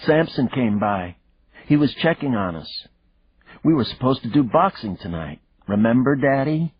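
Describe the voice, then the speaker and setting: A man's voice: medium pitch, big pitch swings, normal speed, breathy edge, no echo, pitched above the performer's own voice. A man voicing a cute, playful young girl in an audiobook, in a sing-song, teasing way. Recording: dull lo-fi dry recording.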